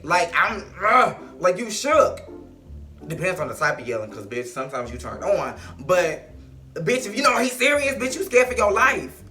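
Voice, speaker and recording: A man giving a casual, sassy recap of a reality show on his vlog, animated and outspoken. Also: high-pitched. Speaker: vlogger, reality TV commentator.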